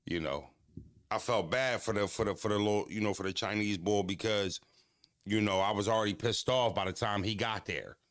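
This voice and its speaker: A man casually telling stories in an animated, profane, slangy way. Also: fairly low pitch, normal speed, no room sound, clean studio sound. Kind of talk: casual storytelling. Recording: music playing clearly behind.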